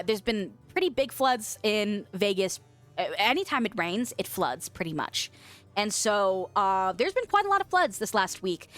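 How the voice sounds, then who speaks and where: Medium in pitch and slightly bright, the voice belongs to a young woman streaming from the western United States. She keeps things casual, reading viewers' comments out loud, swearing without restraint and laughing frequently.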